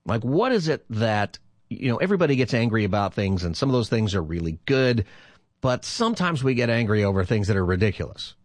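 A man in his fifties with a low voice that swings up and down a lot as he talks. He hosts call-in radio in a chatty, rambling way and laughs often. The sound is close and dry, with no room around it. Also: sing-song, brisk, no room sound. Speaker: radio show host and pastor.

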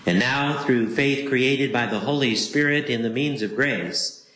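Slow, ringing male preacher in an echoey room. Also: medium pitch, a bit bright. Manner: measured, emphatic, repeats key phrases for weight. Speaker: Lutheran pastor. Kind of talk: sermon. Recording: roomy echo.

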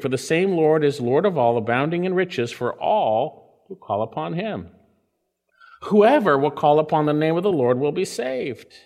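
A man preaching a sermon, reading scripture slowly and swinging his voice up and down for emphasis. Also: darkish tone, in a large hall. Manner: preaching with sweeping pitch swings and drawn-out scripture lines. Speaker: pastor.

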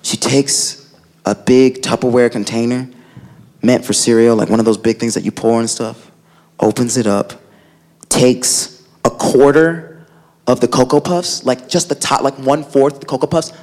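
A man's voice: mid-range voice, steady tone, moderate pace. A man doing a stand-up comedy set on a club stage, telling a story with lots of filler words and acting out his family's voices. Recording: live club with loud crowd and noise. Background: audience laughter.

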